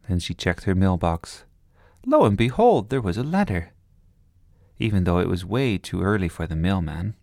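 Lively low-voiced man reading a storybook. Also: moderate pace, gravelly, no room sound, clean studio sound. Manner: warm, expressive read-aloud narration.

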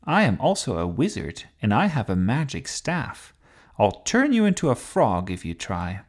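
A man's voice: fairly low pitch, wildly swooping pitch, moderate pace. A man voicing a cheeky, childish archbishop wizard in a storybook, talking defiantly. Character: cheeky boy-like archbishop wizard, greedy for cookies.

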